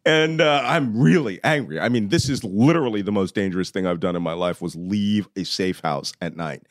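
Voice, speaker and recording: A middle-aged man telling war stories as a podcast guest, lively and laughing often as he acts out the dialogue. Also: fairly low pitch, fairly quick, no echo, clean studio sound. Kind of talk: animated war storytelling.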